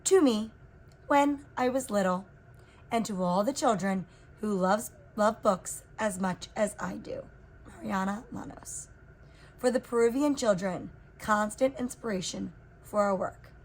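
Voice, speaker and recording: A woman reading a children's picture book aloud in an expressive, unhurried way. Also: medium pitch. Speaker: reader. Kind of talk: storybook read-aloud.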